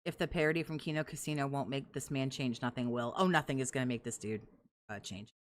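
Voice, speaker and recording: A woman's voice: a bass voice, fast talker, a little hiss or hum. Sarcastic, profane woman commentator. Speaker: commentary podcast host. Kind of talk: mocking commentary over clips.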